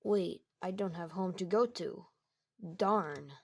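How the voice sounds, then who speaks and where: A woman's voice: fairly low pitch, slow pace, creaky, full character voice. A woman voicing a lazy young male night guard who whines and panics easily, in a homemade game-video story. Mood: whiny.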